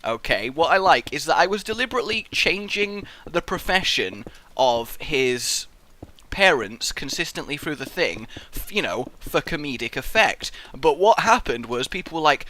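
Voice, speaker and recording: A young man hosting a gameplay video, rambling through excitable, goofy commentary and swearing freely. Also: a little high, normal speed, dry recording. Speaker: let's play host.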